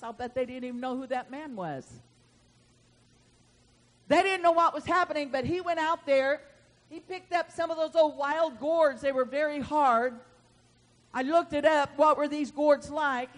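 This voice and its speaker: Animated high-voiced woman preacher. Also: poor audio. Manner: animated, folksy, acts out voices. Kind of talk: sermon storytelling.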